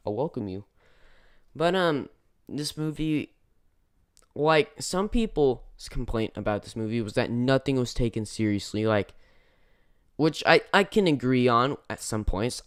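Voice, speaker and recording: Guy doing a chatty movie review, keeps restarting sentences, clean smooth voice, dry close sound. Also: medium pitch, dry recording. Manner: rambling, self-correcting, lots of fillers. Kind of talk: casual spoken movie review.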